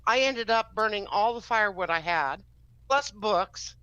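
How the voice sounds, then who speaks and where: A caller in casual chat, speaking plainly and haltingly with many fillers. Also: mid-range voice, animated, bright, forceful tone, clear, resonant tone, dry recording, muffled recording.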